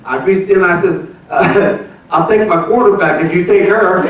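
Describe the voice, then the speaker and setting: During a church service's testimony and announcements, a man in his seventies, the pastor, tells a folksy, laughing story about his marriage. His voice is high-pitched and his pace slow. Heavy background noise fills the recording, made from far off in the echoey sanctuary.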